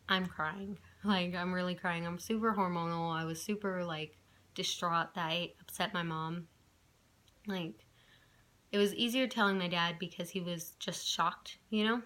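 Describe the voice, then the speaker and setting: A woman's voice: fairly low pitch, steady tone, moderate pace, bright, forceful tone. A young woman telling a personal story to her camera in a chatty way, with many fillers and restarts. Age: young adult. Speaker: vlogger.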